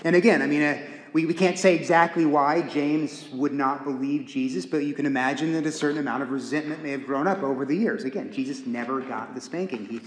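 A man preaching a sermon in an animated, folksy, humorous way, in a church sanctuary. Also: on the high side, fairly quick, hardly any pauses. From Texas. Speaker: pastor. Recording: echoey hall.

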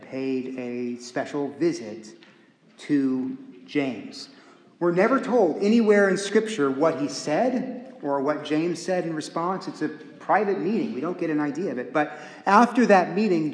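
A man preaching a sermon in an animated, folksy, humorous way, in a church sanctuary. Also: fairly high pitch. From Texas. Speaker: pastor. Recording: echoey hall.

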